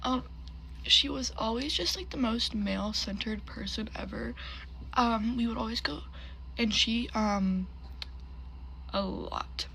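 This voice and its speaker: A woman's voice: fairly high pitch, slow, gravelly, pauses often, pushed and bright, slight background noise, poor audio. A young woman chatting while she gets ready on camera, gossipy and full of fillers. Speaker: storyteller. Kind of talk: get-ready-with-me storytime vlog.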